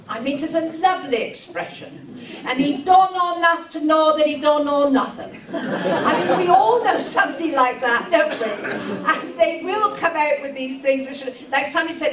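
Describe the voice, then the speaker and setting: A woman's voice: sits high, normal speed, fairly bright tone, a faint crowd. Older Cornish woman telling anecdotes. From Cornwall. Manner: chuckling, relishing dialect phrases. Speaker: dialect speaker and storyteller. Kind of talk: anecdotal storytelling. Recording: roomy echo from a distance.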